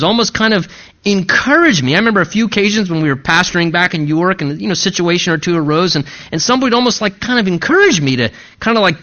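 A pastor preaching a sermon, reading scripture aloud slowly and emphatically between plain explanations. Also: male voice, high-pitched, pushed and bright.

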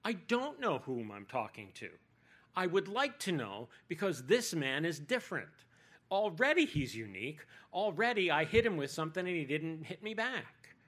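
A man's voice: a little high, very animated, moderate pace, a bit bright, voice pushed up. A man voicing a sarcastic, defensive Samaritan woman at a well, in a sermon retelling. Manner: snarky, defensive.

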